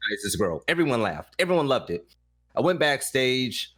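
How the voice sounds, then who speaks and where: A man guesting on a podcast, telling a story in a blunt, animated way and swearing freely. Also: mid-range voice, normal speed. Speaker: podcast guest, esports caster. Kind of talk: casual storytelling.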